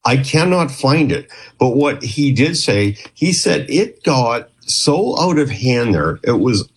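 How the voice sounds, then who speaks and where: Husky-voiced man telling stories. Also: medium pitch, sing-song, slow. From Canada. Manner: rambling, chatty, with frequent restarts and acted quotes. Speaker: guest, former clinician who worked with police. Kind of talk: storytelling interview.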